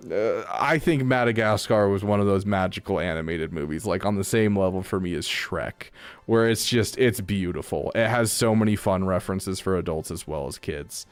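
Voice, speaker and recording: A male streamer with a low voice chats casually with his viewers. He rambles, trips over his own sentences and laughs often, with faint music playing behind him. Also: normal speed, clear, resonant tone. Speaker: streamer reading chat. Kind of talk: casual live-stream chat.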